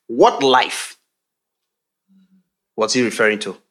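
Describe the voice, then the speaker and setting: Lively Nigerian pastor preaching. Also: male voice, fairly high pitch, measured pace, long pauses. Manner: animated, laughing, teasing the congregation. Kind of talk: sermon.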